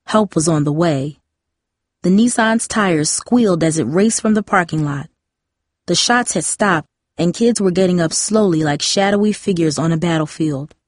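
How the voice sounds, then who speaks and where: A woman narrating an audiobook in a measured, dramatic reading style. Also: lowish voice, dry recording, studio quality.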